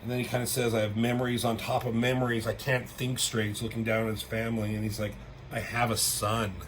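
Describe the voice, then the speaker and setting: A young man chats casually about a comic book he's reviewing, talking fast in a mid-range voice with little pitch movement, cursing freely and jumping his voice up to act out character lines. The audio is poor, with a little hiss or hum.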